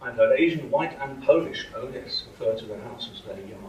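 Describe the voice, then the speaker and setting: Man lecturer, mid-pitched, pausing and restarting, faint room hum behind. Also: expressive, darkish tone, highs cut off. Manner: hesitant, many fillers and restarts. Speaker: university lecturer. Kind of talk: academic lecture. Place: lecture hall. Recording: echoey hall from far off.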